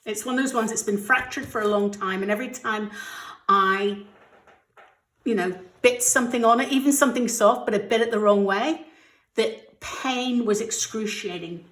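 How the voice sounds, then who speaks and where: A woman's voice: mid-range voice, normal speed, fairly bright tone, echoey room. A middle-aged woman from the UK chatting candidly in a budgeting vlog while counting cash aloud, getting emotional at times. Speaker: budgeting vlogger.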